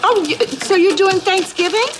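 A woman's voice: very high-pitched, normal speed. An actress playing a blunt, wisecracking woman who teases her friends, in noisy sitcom audio. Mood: teasing. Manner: blunt, teasing.

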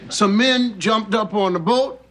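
A man's voice: high voice, measured pace. An actor playing a wry, teasing middle-aged father in a family sitcom, mocking with dry humor. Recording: studio audience laughter and hiss.

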